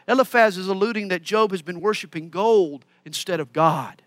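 A man's voice: high voice, brisk, few pauses, fairly bright tone, no echo, clean studio sound. A man preaching a sermon, teaching through a Bible passage verse by verse with explanatory asides.

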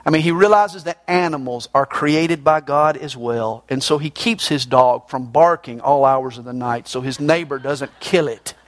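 A man's voice: medium pitch, normal speed, hardly any pauses, dry recording. A man preaching a sermon, reading scripture verses and explaining them in a folksy, joking way.

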